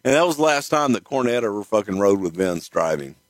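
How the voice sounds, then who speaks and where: Animated, profane male storyteller. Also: fairly low pitch, a little fast, no room sound. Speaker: guest storyteller. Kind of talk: casual storytelling.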